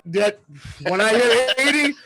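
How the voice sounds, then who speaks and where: A man in his fifties from southern California, co-hosting a casual sports podcast and telling stories with excitement. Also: very high-pitched, measured pace. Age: 50s. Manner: excitable storyteller, acts out quotes loudly. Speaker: podcast co-host.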